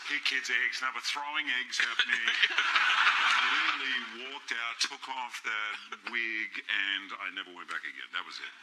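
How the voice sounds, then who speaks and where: A man, a talk show guest, telling a playful, lively anecdote in a TV studio. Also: medium pitch, moderate pace, heavy background noise.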